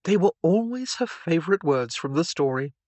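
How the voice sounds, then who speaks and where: A man narrating an audiobook in a measured, even reading style. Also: a little high, no echo. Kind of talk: scripted narration.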